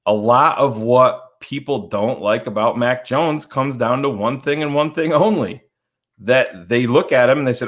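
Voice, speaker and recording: Young adult man, casual sports podcast co-host, mid-range pitch, blunt and swears a lot. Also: lively intonation, measured pace, fairly bright tone. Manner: blunt, swears freely, acts out quoted people.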